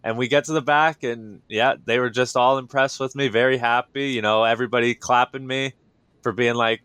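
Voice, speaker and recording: A man in a casual interview, telling his story with lively enthusiasm and frequent fillers. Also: medium pitch, fairly quick, smooth, no echo. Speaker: wrestler, interview guest.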